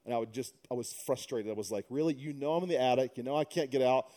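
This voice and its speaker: A middle-aged pastor preaches a sermon in a warm, medium-pitched voice at a fast pace, mixing humorous conversational stories with emphatic preaching.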